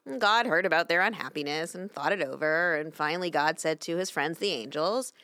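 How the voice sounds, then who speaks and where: A middle-aged woman rabbi giving a sermon in a synagogue, telling a story with lively voices for its characters. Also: low voice, fairly quick, few pauses, no echo, studio quality. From Canada. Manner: storytelling, expressive voices for quoted angels. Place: synagogue sanctuary.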